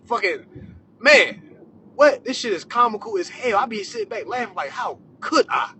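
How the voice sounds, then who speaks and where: Man, very high voice, profane comic ranter who swings from shouts to mutters, faint vehicle hum behind. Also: huge pitch swings, normal speed. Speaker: social media commentator. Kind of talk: profane comedic rant to camera.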